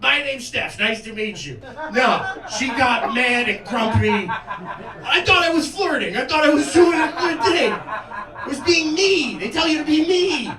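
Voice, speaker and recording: A man's voice: very high voice, animated, a little slow, crowd noise. Jovial crude young male comic. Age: 20s. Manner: jovial, crude and self-mocking. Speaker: stand-up comedian. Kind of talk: stand-up comedy set. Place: comedy club stage. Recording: roomy club sound from a distance with audience laughter.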